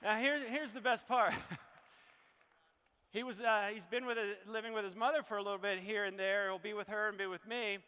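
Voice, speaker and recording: Man, motivational stage speaker, emotional; high, bright, forceful voice in a reverberant hall. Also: steady tone, fairly quick, clear, resonant tone. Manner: emotional, preachy motivational delivery. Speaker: health speaker presenting to an audience. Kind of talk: live stage presentation.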